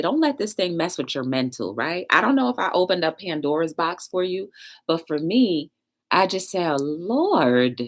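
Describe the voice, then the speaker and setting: A woman hosting a live-stream chat show, telling stories and reading chat aloud in a loose, slangy manner. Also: lowish voice. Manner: animated storytelling, reads chat aloud, slangy. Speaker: talk show host.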